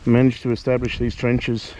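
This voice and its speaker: A man's voice: mid-range voice, moderate pace, highs cut off, slight background noise. A man with an Australian accent giving a casual, conversational walking tour outdoors, calling his listeners "mate" as he goes. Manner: relaxed, conversational, keeps saying "mate". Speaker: travel vlogger. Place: outdoors on a hillside in the rain. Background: rain.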